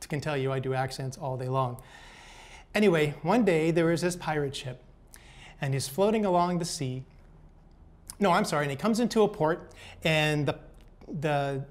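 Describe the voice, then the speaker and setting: Older man telling folksy, gentle stories. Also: fairly high pitch. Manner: gentle, folksy, repeats words. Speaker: speaker. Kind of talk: motivational storytelling talk.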